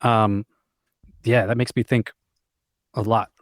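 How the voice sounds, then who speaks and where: A man's voice: fairly low pitch, little pitch movement, slow pace, dry recording, clean studio sound. A man hosting an online audio chat room, moderating the discussion in an upbeat, encouraging way.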